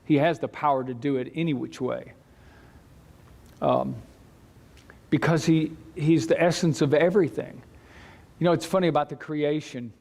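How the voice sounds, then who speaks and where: A man's voice: on the high side, steady tone, gravelly, a little mellow. Guy leading church bible study, chatty, stops and restarts a lot. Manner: conversational, halting restarts, chuckles. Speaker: Bible class teacher. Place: church classroom.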